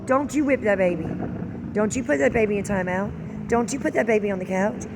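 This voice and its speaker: A woman putting on the voice of an older, overprotective grandparent who scolds a parent for disciplining a grandchild, in a high, raised, reproachful tone. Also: brisk, background noise, close to an everyday voice. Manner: indulgent, reproachful repeated "don't you" scolding.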